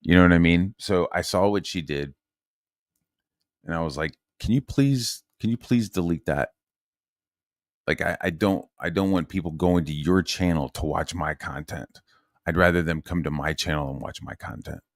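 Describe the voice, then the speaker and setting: A man's voice: low-pitched, fairly even intonation, moderate pace, dry recording, clean studio sound. A man from Virginia, a channel host, telling a long profane, agitated story with many fillers and restarts. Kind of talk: casual ranting monologue.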